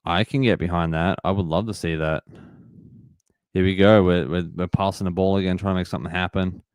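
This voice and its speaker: A man's voice: deep voice, fairly even intonation, fast talker, a little mellow, clean tone, no echo, studio quality. A young man hosting a live sports watch-along, frustrated at calls and reading chat messages aloud. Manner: frustrated, reacts to plays and reads chat aloud. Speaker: livestream host.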